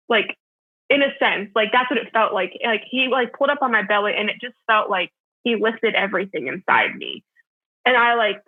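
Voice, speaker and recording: A woman's voice: medium pitch, dry recording. A young adult woman telling a personal story as a podcast guest, chatty and full of filler words. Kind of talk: casual storytelling. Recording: tinny phone-line audio, dry.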